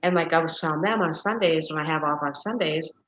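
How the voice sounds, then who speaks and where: Chatting casually with a friend, a woman in her fifties complains wearily about being exhausted, rambling, exasperated and restarting often. Her low-sitting voice is a bit bright and a little fast, captured in a low-quality recording.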